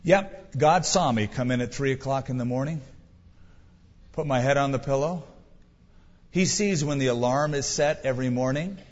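A man's voice: mid-range voice, normal speed, pauses often. A middle-aged man preaching a sermon in a conversational style with wry humor. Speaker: pastor. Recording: dull sound with long hall reverb.

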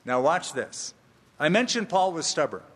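A man preaching an expository sermon, emphatic and slow, with playful asides. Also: fairly high pitch, very animated, fairly bright tone, long reverb tail. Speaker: pastor.

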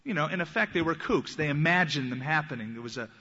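A man delivers an earnest teaching sermon, his voice bright and forceful and sitting a little high. He slows down when he quotes scripture. The recording is muffled and lo-fi, with the long reverb of a large hall. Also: lively intonation. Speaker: pastor.

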